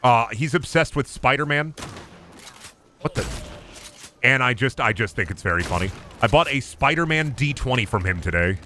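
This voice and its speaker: Animated, rambling male streamer. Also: mid-range voice, moderate pace, a little hiss or hum. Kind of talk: casual livestream gameplay chat.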